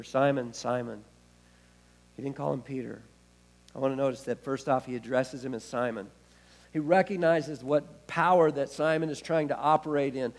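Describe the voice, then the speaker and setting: A pastor preaches a sermon in a mid-range voice, expressive and swinging widely in loudness, dropping in casual, laughing asides.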